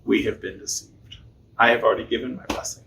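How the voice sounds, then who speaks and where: A man voicing an aged patriarch father who speaks gravely and matter-of-factly, in a casual retelling during a lesson. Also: mid-range voice, steady tone, fairly quick, a bit bright, a little hiss or hum, voice pushed down, low-quality recording.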